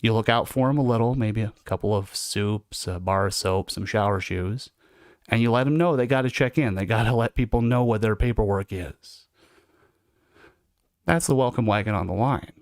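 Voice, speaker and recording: A man's voice: lowish voice, normal speed, dry recording, studio quality. A man hosting a livestream, telling stories in a conversational, reflective way. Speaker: livestream host recounting incarceration. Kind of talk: casual storytelling monologue.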